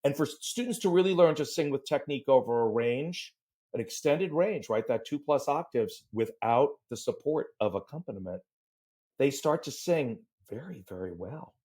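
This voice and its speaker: A middle-aged man talking as a guest on a podcast. He tells animated stories and sometimes breaks into short sung syllables. His voice sits at an ordinary pitch for a man. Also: moderate pace. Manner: animated storyteller, sings demo syllables. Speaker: voice teacher and guest. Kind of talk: podcast interview.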